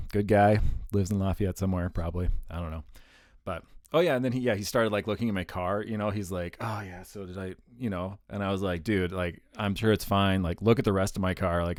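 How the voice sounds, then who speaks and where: Rambling low-voiced man telling a story. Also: a little mellow, dry recording, studio quality. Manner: rambling, full of fillers and self-deprecating laughs. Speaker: vlogger. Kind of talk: casual storytelling monologue.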